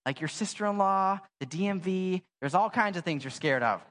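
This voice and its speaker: A man's voice: sits high, normal speed. A young adult man preaching a sermon in a church. He tells stories casually and with animation, using lots of "like," and his voice has a long church reverb. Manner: casual, animated storytelling with many "like" fillers. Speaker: pastor. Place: church sanctuary.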